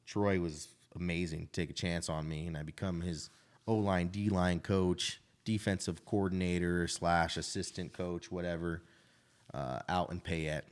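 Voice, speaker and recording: A man's voice: sits low, steady tone, measured pace, clean tone. A man in his thirties, a restaurant owner, telling his life story in casual, frank conversation and often adding "right?". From Idaho.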